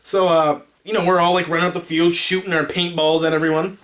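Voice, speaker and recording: A man vlogging, telling a story casually to the camera, rambling and animated, making his own sound effects. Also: fairly high pitch, fairly quick.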